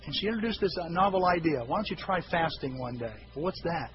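A male pastor preaching a sermon, telling stories with lively acted-out voices and sudden shouts. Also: fairly high pitch, fast, over music. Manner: animated storytelling, acting out voices with shouts. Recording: dull lo-fi recording with hiss.

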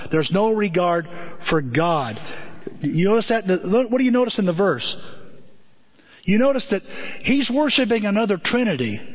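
An earnest male pastor preaching in a conversational, storytelling way, often circling back to repeat a phrase. His voice is somewhat high for a man. The sound is muffled and dull, with a long hall echo behind it. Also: big pitch swings, normal speed, pauses often. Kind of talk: sermon. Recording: dull echoey hall recording.

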